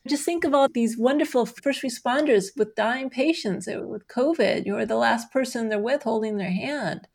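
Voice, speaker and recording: A middle-aged woman speaks in a slightly high voice, earnest and explanatory as she answers interview questions. She gets animated and laughs now and then. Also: moderate pace, creaky, hardly any pauses. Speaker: guest, self-compassion researcher. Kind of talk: conversational interview.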